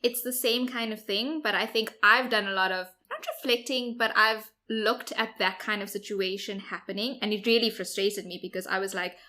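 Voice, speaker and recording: A woman's voice: mid-range voice, fairly even intonation, moderate pace, hardly any pauses, bright, forceful tone. A young South African woman hosting a podcast, speaking reflectively in casual chat with frequent "like" fillers. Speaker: podcast host.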